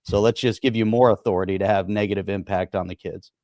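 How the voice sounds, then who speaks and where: A man with a lowish voice co-hosts a podcast, speaking loosely and emphatically. He leans on fillers and restarts as he makes his points. His voice is recorded dry and close, with little room sound. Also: fairly even intonation, fast, darkish tone, dry recording. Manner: rambling, emphatic, frequent "you know" fillers. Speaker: podcast co-host. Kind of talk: casual political chat.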